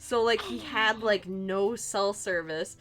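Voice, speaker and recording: A young woman streamer telling a story in casual chat while she draws, animated, full of fillers and swearing. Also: mid-range voice, slow.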